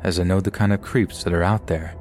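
A man reading scary stories aloud as a scripted narration, in a steady storytelling delivery. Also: sits low, brisk. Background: faint background music.

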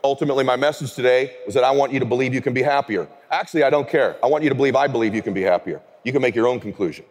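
A man's voice: mid-range voice, rapid-fire, hardly any pauses, breathy edge. A man giving a motivational keynote speech on a large event stage, telling stories with energy and emphasis. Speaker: keynote speaker. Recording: echoing large hall.

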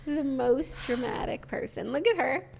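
A woman's voice: high voice, animated, moderate pace, gravelly, darkish tone, a little hiss or hum. Teasing young woman co-host. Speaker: podcast co-host. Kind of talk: casual chat.

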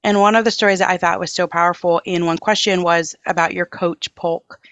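A woman's voice: lowish voice, fairly even intonation, fairly quick, no echo, highs cut off. Enthusiastic woman hosting a podcast. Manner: warm, enthusiastic, affirming. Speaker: podcast host. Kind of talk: podcast interview.

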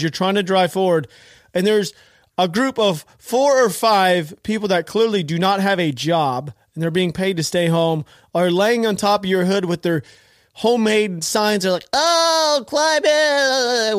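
A man's voice: high-pitched, dry recording, studio quality. A man hosting a podcast, giving casual, mocking commentary with a sarcastic edge and frequent laughter. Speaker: podcast host.

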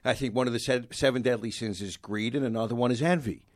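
A man's voice: medium pitch, fast, no room sound. A man co-hosting a studio podcast, making dry jokes in casual chat. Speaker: podcast co-host.

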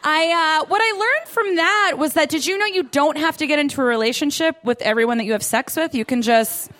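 A woman's voice: sits high, fairly quick, fairly bright tone. A woman in her thirties doing a self-deprecating stand-up set on a club stage, often laughing through her lines. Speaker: stand-up comedian.

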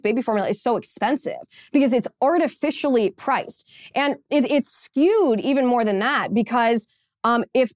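A woman's voice: fairly high pitch, no room sound. Woman podcast host, pointed and sarcastic, dry studio sound. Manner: emphatic, sarcastic, repeats phrases. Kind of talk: opinion commentary.

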